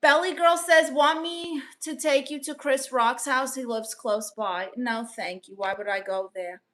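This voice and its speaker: A woman from Brooklyn with a Brooklyn accent, hosting a casual livestream, reading viewer comments aloud and answering with sassy, quick comebacks. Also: high-pitched, a bit bright. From Brooklyn, New York. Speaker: livestream host reading chat.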